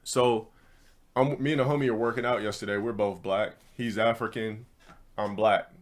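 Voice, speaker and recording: A man's voice: fairly low pitch, fairly even intonation, moderate pace. A man streaming, telling a rambling story to his chat in blunt, profane casual talk. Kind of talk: casual ranting monologue to a live chat.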